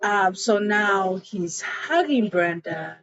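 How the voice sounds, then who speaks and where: A woman's voice: mid-range voice, animated, slow pace, lo-fi sound, music in the background. A woman casually retelling an episode scene by scene, with lots of "like" and asides. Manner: chatty retelling peppered with "like" and "girl". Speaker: show recap reviewer.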